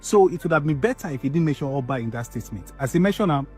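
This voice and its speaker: A man giving measured commentary, explaining step by step. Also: on the high side, lively intonation, mellow, soft background music.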